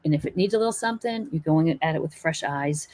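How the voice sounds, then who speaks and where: A woman's voice: low-pitched, quick pace, a little mellow. A woman teaching acrylic painting in a live stream, chatting and encouraging while she works. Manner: chatty, encouraging, thinks aloud while working.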